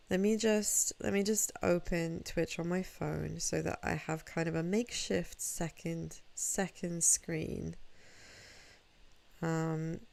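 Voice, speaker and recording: A woman's voice: lowish voice, vocal fry, darkish tone. A sleepy, groggy woman streaming a game from home, chatting playfully with viewers in a self-mocking way. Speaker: VTuber streamer. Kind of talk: casual live-stream chat while gaming.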